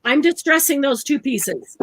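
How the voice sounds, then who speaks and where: A woman's voice: high-pitched, lively intonation, unhurried, slight background noise, low-quality recording. A woman hosting a live craft tutorial, chatting and explaining each step aloud while she works. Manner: chatty, laughs often, explains steps aloud.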